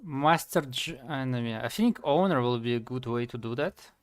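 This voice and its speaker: A man chats casually on a live stream as he builds his game. His voice is smooth and resonant, and he halts often to think, with lots of fillers. Soft music plays faintly underneath. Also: mid-range voice, lively intonation. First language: Slovak. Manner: halting, many fillers and restarts, thinking aloud. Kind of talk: casual live-stream chat while coding.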